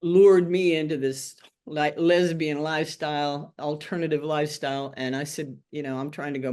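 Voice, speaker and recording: An older Tennessee woman speaks at normal speed with almost no pauses, her deep, slightly mellow voice holding a fairly even intonation. She gives her life story frankly and wryly in an oral history interview, voicing the people she quotes.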